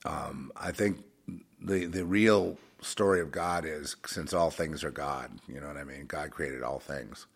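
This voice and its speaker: A man delivering a rambling religious monologue, swinging between fervent outbursts and quiet, halting asides full of restarts. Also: rumbling low, gravelly, slightly rough. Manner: many restarts and fillers, conversational.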